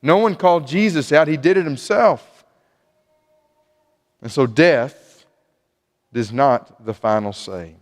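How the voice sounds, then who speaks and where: A man's voice: on the high side, animated, slow, pauses often. Preacher man with long church reverb. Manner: earnest, with frequent restarts and repeated words. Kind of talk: sermon. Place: church sanctuary.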